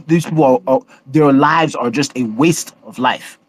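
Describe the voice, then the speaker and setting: A man's voice: mid-range voice, moderate pace, dry recording. A man giving an impassioned, scornful political speech in an online discussion. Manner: forceful, scornful, preaching.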